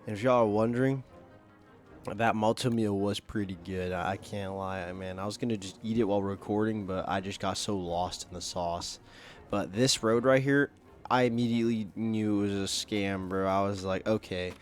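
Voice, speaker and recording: A young man with a fairly low voice rambles through his gameplay commentary. He talks loosely and swears a lot, full of fillers and restarts. Faint music plays behind him. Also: steady tone, moderate pace. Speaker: gaming video creator. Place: home, at his computer.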